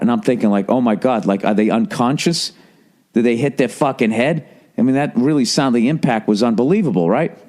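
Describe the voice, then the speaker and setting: A man's voice: mid-range voice, a little mellow. A male comedian and podcast host telling a story in a casual monologue, profane, ranting and incredulous.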